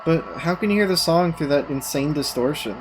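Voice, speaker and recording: A man's voice: fairly high pitch, lively intonation, a little fast, noisy background, voice pushed up, natural voice. A man reading the lines of a dazed, weary young woman aloud from a visual novel. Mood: startled.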